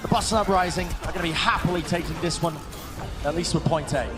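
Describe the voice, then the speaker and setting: A man doing fast, excited play-by-play commentary on an esports match. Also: a little high, music in the background. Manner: excited, builds to shouts on big plays. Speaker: esports caster.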